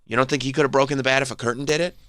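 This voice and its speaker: A man's voice: medium pitch, racing, clear, resonant tone, no room sound. A man with a New York accent hosting a radio show, joking around in casual studio banter. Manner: joking, animated, breaks into laughter.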